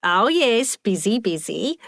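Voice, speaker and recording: A woman voicing a large, loud, bossy elderly lady who talks in a fussy, correcting way. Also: medium pitch, sing-song, slow, creaky, no echo, studio quality, heavily acted.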